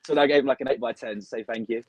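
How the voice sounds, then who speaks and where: Husky-voiced young British man, chatty. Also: mid-range voice, very fast, low-quality recording. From United Kingdom. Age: young adult. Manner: chatty, excitable, heavy use of "like". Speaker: wrestler, guest. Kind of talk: casual interview chat.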